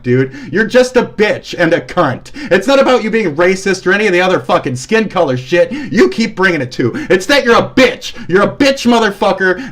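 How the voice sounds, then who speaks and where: Man ranting angrily on a stream. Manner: heated, swearing, shouting insults then dropping low and muttering. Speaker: live streamer. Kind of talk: angry profane rant on a live stream.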